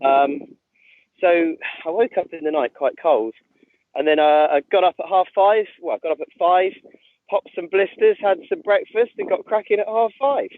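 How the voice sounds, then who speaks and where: A man's voice: high voice, moderate pace, dry recording. A man calling in by phone while walking through fields, out of breath, weary and wryly self-mocking. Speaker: ultrarunner calling in. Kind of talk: casual phone update. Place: outdoors in overgrown fields. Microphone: phone line. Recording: tinny dry phone line.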